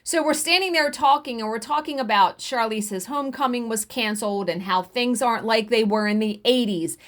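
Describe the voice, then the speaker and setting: A woman in her forties telling a story casually while stitching, animated, swearing freely and acting out what others said. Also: on the high side, normal speed. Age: 40s. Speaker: cross-stitch vlogger.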